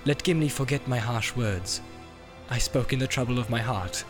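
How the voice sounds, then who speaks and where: A man's voice: mid-range voice, normal speed, over music, natural voice. A man reading an audiobook, voicing a proud, wise elf lord who speaks sternly and formally.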